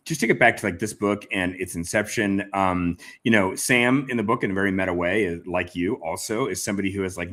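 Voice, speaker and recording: A man interviewing an author in a casual, halting way with many fillers. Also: low voice, fairly bright tone. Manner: casual, hesitant, lots of fillers. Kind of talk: conversational interview.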